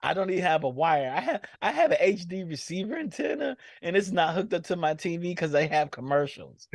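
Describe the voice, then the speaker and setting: A man's voice: high-pitched, very animated, a little fast, creaky, no echo. Laid-back slangy man on a podcast. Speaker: podcast co-host. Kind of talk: casual chat.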